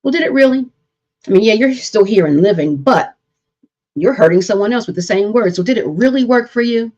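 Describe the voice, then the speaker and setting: A woman's voice: mid-range voice, animated, a little fast, a little mellow, lo-fi sound. A woman therapist hosting a live-streamed relationship talk, speaking earnestly and repeating points with preacher-like emphasis. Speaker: therapist and show host.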